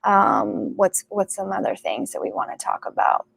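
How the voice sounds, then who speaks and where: A woman working as a psychic medium, talking casually and excitedly to her viewers, full of fillers and "like". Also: medium pitch, normal speed, gravelly, dry recording. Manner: chatty and excitable, many fillers and likes. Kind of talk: casual spiritual talk to camera.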